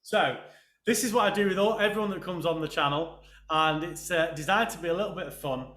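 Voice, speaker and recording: A man's voice: fairly high pitch, a little fast, a bit bright. A man hosting a casual interview, chatty and jokey, going off on rambling asides. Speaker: podcast host. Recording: echoey room.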